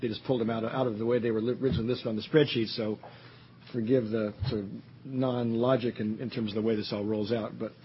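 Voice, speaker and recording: A man's voice: medium pitch, level tone, quick pace. A man leads a panel discussion, hesitant and rambling, with plenty of ums. The sound is muffled, with faint room noise behind him. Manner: rambling, hesitant, many fillers. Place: meeting room.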